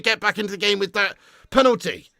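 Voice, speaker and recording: Young man, furious sweary rant, very high strained voice, sharp, dry close sound. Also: fairly quick, creaky, no room sound. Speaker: fan reaction host. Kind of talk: ranting reaction video.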